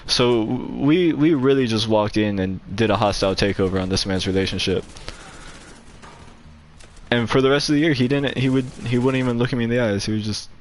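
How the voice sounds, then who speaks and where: With a little hiss or hum in the background, a young gaming channel host speaks a little fast in a mid-range voice. He rambles through a story in casual chat, using "like" constantly and laughing often between lines.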